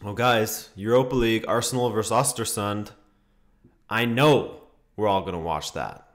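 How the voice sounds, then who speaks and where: With a fairly low voice at a moderate pace, this young man runs a football watchalong stream. He keeps things casual, picking up comments from viewers and responding to the game with laughter and exclamations.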